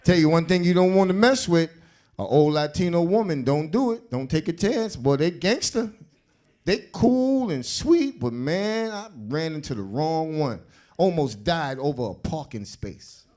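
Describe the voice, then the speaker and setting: A male stand-up comedian tells streetwise stories from a club stage. His voice is high for a man. His delivery is animated. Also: normal speed. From South Bronx, New York.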